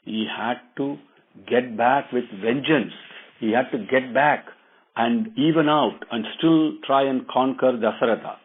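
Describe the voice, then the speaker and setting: A man's voice: medium pitch, unhurried, breathy edge. Man retelling an epic. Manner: conversational, moralizing asides. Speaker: storyteller. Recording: tinny phone-like line.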